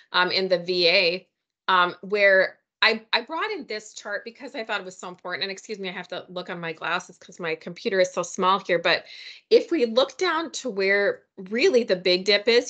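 A woman's voice: medium pitch, pushed and bright. A woman giving a health webinar from her computer, enthusiastic and chatty with folksy asides. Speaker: health presenter. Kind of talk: webinar presentation.

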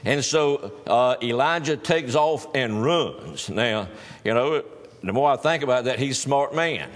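A man's voice: mid-range voice, expressive, a little slow, big-room sound. A male pastor preaching a sermon in a folksy storytelling manner, with teasing humor.

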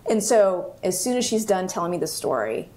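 A woman in her forties, a guest on an interview podcast, telling an anecdote with lively energy and acting out the voices of the people in it. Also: on the low side, normal speed. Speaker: guest, food activist.

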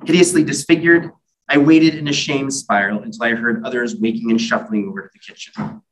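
A man's voice: mid-range voice, flat delivery, a little fast, recorded from a distance, poor audio. A man, an author at a library event, reading his own comic stories in a wry, self-deprecating way with casual asides.

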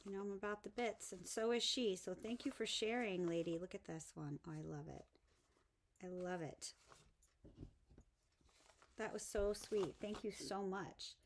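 A woman's voice: medium pitch, unhurried, pauses often, slight background noise. Gushing woman showing off a craft haul. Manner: gushing, breathy, drops to soft whispers over items. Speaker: craft vlogger. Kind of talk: casual show-and-tell haul video.

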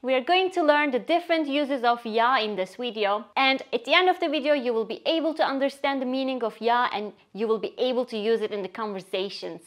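Woman, high-pitched, teacher, scripted lesson, expressive, acts out phrases. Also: a little fast, hardly any pauses. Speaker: Turkish teacher.

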